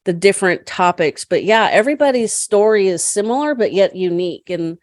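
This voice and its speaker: A middle-aged woman, a podcast guest, chatting and telling stories in a lively way, laughing often. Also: mid-range voice, fairly quick, no echo, clean studio sound. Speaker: podcast guest, caregiver advocate. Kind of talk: storytelling in casual conversation.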